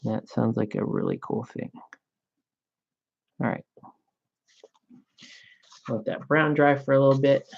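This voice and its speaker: A man's voice: medium pitch, slow, creaky, long pauses, highs cut off. A man chatting casually while painting miniatures, laid-back and joking, swearing now and then.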